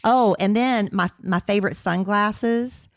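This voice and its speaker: A woman's voice: medium pitch, a little slow, dry recording, studio quality. A woman from South Carolina co-hosting a podcast, chatting casually and rambling as she searches for words. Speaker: podcast co-host. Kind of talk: casual chat.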